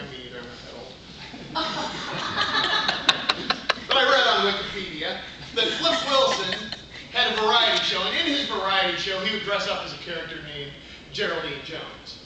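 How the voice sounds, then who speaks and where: A middle-aged man giving a humorous contest speech with punchy comic timing and quick asides, to an audience in a large meeting room. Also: sits high. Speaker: contest speaker. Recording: echoey room from far off. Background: audience laughter and room noise.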